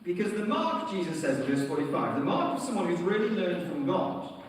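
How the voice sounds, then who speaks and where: A man's voice: sits high, big pitch swings, a little fast, slight background noise. A man with a British accent preaching a sermon, telling stories with light humour. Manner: storytelling, lightly humorous. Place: large church hall. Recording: echoey hall from far off.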